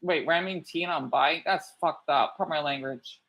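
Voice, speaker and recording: A woman's voice: deep voice, normal speed. A woman in her thirties from Arizona, rambling through opinionated commentary while reacting to videos, checking in with "right?" a lot. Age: 30s. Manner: rambling, animated, asks "right?" often.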